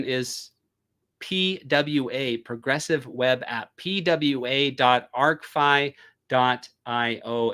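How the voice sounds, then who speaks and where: Man, live stream host, casual chat, rambling, filler words, mid-pitched voice, desk mic. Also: a bit bright, clean tone. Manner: chatty and rambling, with frequent fillers.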